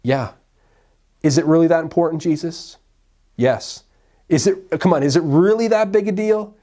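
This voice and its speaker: A man's voice: a little high, moderate pace, dark tone, voice pushed up, natural voice. A man voicing a baffled male follower who presses his teacher with incredulous questions.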